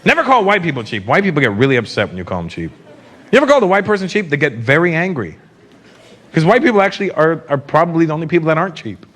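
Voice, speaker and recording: A man doing a stand-up comedy routine on a live stage, animated and slipping into mocking impressions. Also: a little high, fast. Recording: live show with loud audience and noise.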